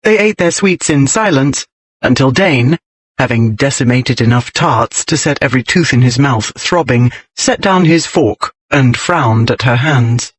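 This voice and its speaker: A man narrating a historical romance audiobook in a measured, even storytelling manner. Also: medium pitch, no echo.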